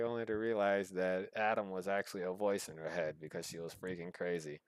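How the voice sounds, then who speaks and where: A man's voice: low-pitched, level tone, fairly quick, smooth, no echo. A man hosting a video, giving laid-back, wry commentary on old clips and swearing casually. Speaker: host.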